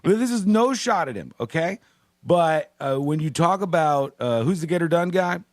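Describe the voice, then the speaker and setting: A man's voice: a little high, lively intonation, normal speed, dry recording. A man hosting a radio show, chatting casually, laughing and doing mocking impressions into a studio microphone.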